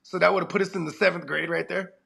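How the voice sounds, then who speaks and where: A man's voice: high voice, steady tone, quick pace, vocal fry, bright, forceful tone, breathy edge. A man in his forties co-hosting a casual chat, rambling and profane, laughing often, with a cold. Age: 40s. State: has a cold. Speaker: podcast co-host.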